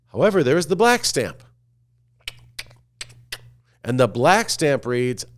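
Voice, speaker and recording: Animated man guiding listeners through imagery. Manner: slow, coaxing, asks listener to picture scenes; drops to a hushed low voice at the ends of phrases. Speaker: podcast host. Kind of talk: storytelling with guided imagery.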